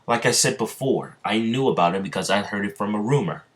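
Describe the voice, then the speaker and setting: Guy putting on a panicky young hero, low voice pushed higher, urgent and pleading. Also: lively intonation, brisk, natural voice. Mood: defensive.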